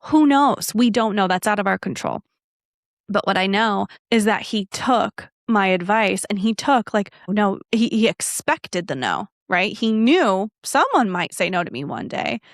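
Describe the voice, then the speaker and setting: A woman hosting her own podcast, talking in a chatty, animated way and slipping into the voices of people in her story. Her voice sits at a middle pitch for a woman. The recording is dry and close, with no room sound. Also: measured pace, no room sound. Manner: animated, acts out quoted dialogue; chatty with frequent fillers and asides. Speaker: podcast host. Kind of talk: casual solo podcast storytelling.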